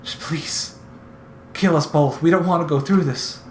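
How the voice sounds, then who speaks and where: A man's voice: on the high side, unhurried, roomy sound, a little hiss or hum, voice pushed up, lightly acted. A man voicing a desperate male farmer who begs in a broken, pleading way. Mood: despairing.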